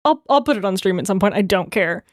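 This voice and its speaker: A woman's voice: mid-range voice, animated, no echo. Young woman streamer rambling casually, laughs a lot, super dry close sound. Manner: chatty, rambling, quick to laugh. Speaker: livestreamer. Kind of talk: casual chat.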